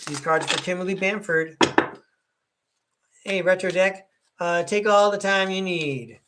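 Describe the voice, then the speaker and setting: A man's voice: sits high, unhurried, very noisy. A middle-aged man giving a chatty, upbeat live tarot reading and speaking to viewers by name. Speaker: tarot reader hosting a live stream.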